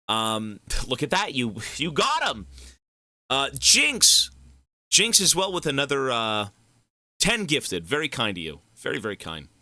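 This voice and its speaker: A male live streamer chatting casually and thanking donors, excitable and effusive, swearing freely. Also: mid-range voice, dry recording, studio quality.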